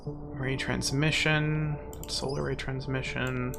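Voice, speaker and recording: A man's voice: mid-range voice, flat delivery, slow pace, vocal fry, over music. A young man streaming a game, rambling in casual, goofy, self-mocking chatter.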